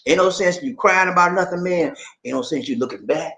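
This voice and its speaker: This American vlog host has a high-pitched, pushed and bright voice, talking a little fast as he laughs a lot and drawls "man" while reading viewer comments. The casual chat is recorded in an echoey room with slight background noise.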